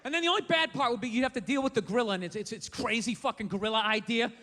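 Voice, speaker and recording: High, bright, ranting male comic. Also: very fast. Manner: ranting, profane, exasperated. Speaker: stand-up comedian. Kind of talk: stand-up comedy set. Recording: live hall reverb, faint noise.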